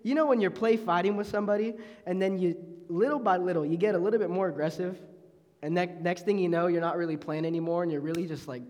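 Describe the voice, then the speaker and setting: Young man, youth sermon, animated storyteller, slightly high voice, long hall reverb. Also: quick pace. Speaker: youth ministry intern preaching.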